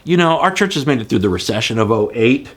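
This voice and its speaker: Middle-aged man, pastor; animated, folksy devotional storytelling, mid-range voice. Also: medium pitch, fast talker.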